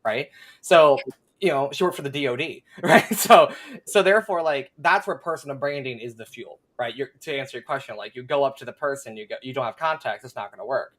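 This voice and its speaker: Sarcastic, animated young man chatting. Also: medium pitch, brisk. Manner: animated, profane and sarcastic, laughs often. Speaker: guest. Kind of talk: casual live chat.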